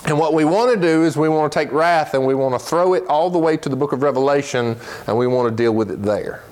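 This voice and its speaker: Man, Sunday school teacher, earnest lesson delivery, slows down to stress points, reads scripture quickly. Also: on the high side, a little mellow. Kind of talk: Bible lesson.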